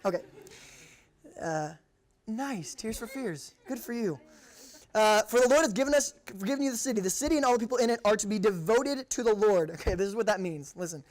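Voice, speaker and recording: A young man preaching to high school students in a casual, joking way, reading scripture and acting out the people in it. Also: lively intonation, brisk. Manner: jokey, conversational, acts out quotes. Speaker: youth pastor. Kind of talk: casual youth sermon.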